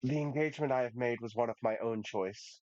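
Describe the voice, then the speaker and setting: A man's voice: medium pitch, brisk, darkish tone, no room sound, natural voice. A man voicing a joyful young woman magistrate in a tabletop game, speaking formally and with restraint. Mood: proud. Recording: dull lo-fi dry sound.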